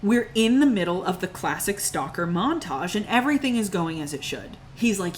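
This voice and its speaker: A young woman hosting a comedic movie recap, animated and incredulous, laughing often as she tells the story. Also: medium pitch, fairly quick, hardly any pauses, a little hiss or hum. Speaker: video essay host.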